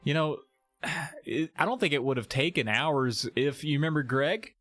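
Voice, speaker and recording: A man's voice: a little high, moderate pace, a bit bright, faint music behind. A man co-hosting a podcast, chatting casually and dropping short, wry reactions. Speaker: podcast co-host. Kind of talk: casual chat.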